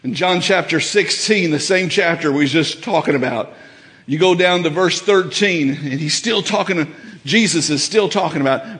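A man preaching a sermon in a church, folksy and fervent, building up to shouts. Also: a little high, normal speed, big-room sound. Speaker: pastor. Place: church sanctuary.

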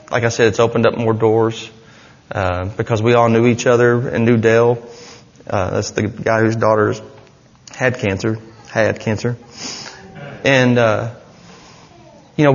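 A man's voice: mid-range voice, fairly even intonation, moderate pace, dull audio. Earnest man testifying in an echoey hall. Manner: earnest, rambling, with many restarts and "you know". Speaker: church member giving a testimony. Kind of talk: personal testimony to a congregation. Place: church hall.

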